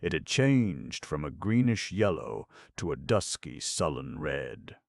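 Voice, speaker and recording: Super low male audiobook narrator, dry close sound, slow dramatic telling. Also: sing-song, vocal fry, darkish tone, no room sound. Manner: measured, dramatic reading. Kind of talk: scripted narration of a ghost story.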